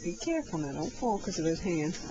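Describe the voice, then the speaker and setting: A woman at home talking playfully to a toddler in animated, sing-song baby talk, recorded on a handheld camcorder. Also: fairly low pitch, fairly quick, lo-fi sound. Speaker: caregiver filming a toddler. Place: at home, indoors. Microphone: handheld camcorder mic. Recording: home video with clear background noise.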